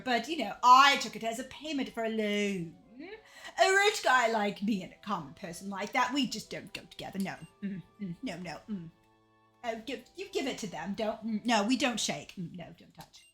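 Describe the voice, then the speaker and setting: A theatrical, pompous rich man, put on by a woman gushes in high, drawn-out exclamations. The voice is bright and keen, with soft music faint behind it. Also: lively intonation. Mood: haughty.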